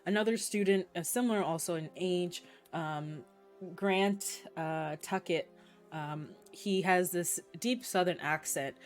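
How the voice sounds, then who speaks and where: Woman game master, lower pitch, halting narration, faint music behind. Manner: hesitant, many fillers.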